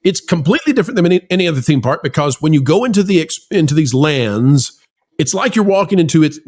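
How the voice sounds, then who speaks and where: Animated, high-voiced male park news host. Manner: animated, salesy, joking asides. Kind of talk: hyped theme park news chat.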